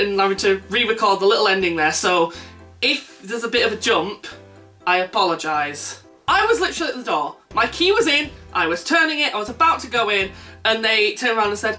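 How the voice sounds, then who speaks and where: A young man recounts an awkward encounter in a casual vlog, poking fun at himself as he goes. His voice is bright and his pitch swings widely with every punchline. He sits back from the mic, and soft music plays underneath. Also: fast talker. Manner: animated, self-mocking, laughs at own jokes. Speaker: vlogger. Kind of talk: casual anecdote storytelling. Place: indoors at home. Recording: distant mic with faint background music.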